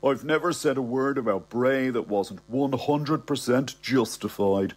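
A man's voice: mid-range voice, a little slow, natural voice. A man with an Irish accent voicing a brazen middle-aged woman who talks in a breezy, matter-of-fact way. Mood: airy.

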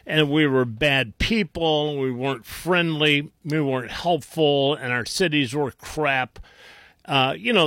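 An older man talks slowly through a rambling opinion monologue, stopping and restarting often and padding with fillers. His voice sits a little high for a man. The sound is close and dry, with no room echo. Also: bright, forceful tone. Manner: mocking whiny voices when quoting others. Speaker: political commentator.

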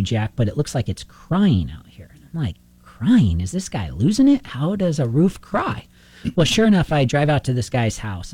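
A man's voice: medium pitch, slightly rough, dry recording. A man, a roofing contractor, telling a long anecdote in a casual interview and acting out both sides of the conversations. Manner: animated anecdotal storyteller, acts out dialogue.

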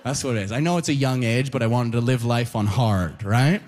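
A man performing a stand-up set on stage, telling stories in an animated way, putting on lots of voices and ending lines with "right?". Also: mid-range voice, a little fast. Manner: animated storytelling with many voices and frequent "right?" tags. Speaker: stand-up comedian.

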